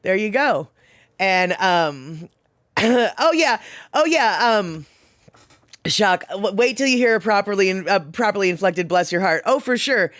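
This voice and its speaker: A middle-aged streamer talks loosely to their chat, wandering through stories with frequent laughs and restarts. The voice sits at an ordinary middle pitch and is captured close and dry, with no room sound around it. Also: animated, a little slow, a bit bright, dry recording. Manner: rambling and chatty, laughs often. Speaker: livestream host reading chat. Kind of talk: casual chat.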